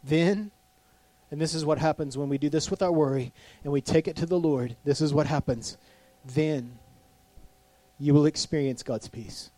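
A man preaching a sermon as a pastor, animated, acting out the voices of people he quotes. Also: on the high side, normal speed, no room sound.

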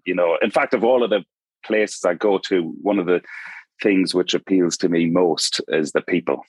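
A man's voice: low voice, steady tone, normal speed, slightly rough, no echo. A middle-aged Geordie man from Newcastle, a podcast guest chatting casually and wandering off on tangents. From Newcastle, northeast England. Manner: rambling storyteller, goes off on tangents. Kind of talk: casual chat.

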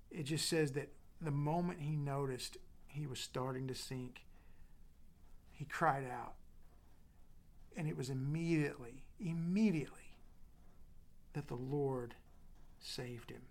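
A middle-aged man preaches with a gravelly, slightly high voice. He sinks into hushed whispers, then builds back up with repeated, emphatic phrases. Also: a little slow, pauses often. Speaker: pastor. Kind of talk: sermon.

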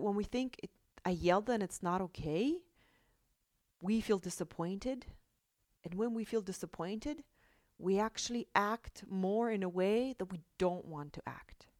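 A woman's voice: lowish voice, dry recording, studio quality. A young adult woman, a mom, giving an earnest, conversational self-help talk to parents and asking rhetorical questions.

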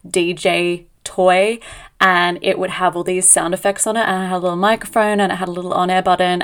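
A woman, hosting her own podcast in a chatty, upbeat, self-mocking way. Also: fairly low pitch. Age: 30s. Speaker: podcast host and business coach. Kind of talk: casual solo podcast chat.

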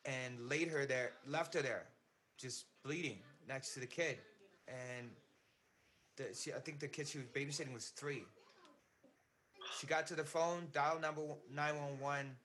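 A man's voice: mid-range voice, steady tone, unhurried, bright, forceful tone. Guy in an interview, medium voice, rambly and earnest, keeps saying man. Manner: earnest, rambling, repeats words, says "man" often. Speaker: singer, interview guest. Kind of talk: casual storytelling chat.

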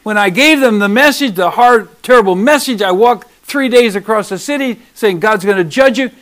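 Man acting out pouting prophet, whiny, self-pitying, high voice, loud. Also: moderate pace. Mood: complaining.

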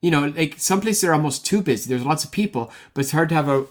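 A man interviewing a guest in casual chat, giving brisk, encouraging prompts. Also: a little high, expressive.

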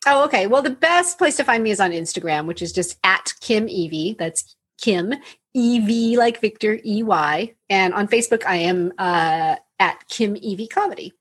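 A woman comedian as a podcast guest, talking casually in an expressive, earnest way and laughing easily. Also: mid-range voice, normal speed, breathy edge. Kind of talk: casual chat.

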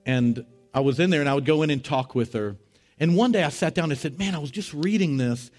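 A middle-aged man preaching as a pastor, telling a story with animated, rising voices for the people in it. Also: a little fast, soft background music. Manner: animated, rising to high excited voices when retelling dialogue. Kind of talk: sermon storytelling.

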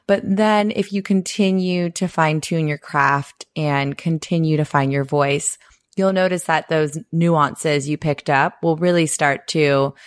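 A woman's voice: sits low, no echo, studio quality. A woman co-hosting a podcast in easy, casual conversation, talking about her own experience. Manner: relaxed conversational, fillers and laughs. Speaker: podcast co-host.

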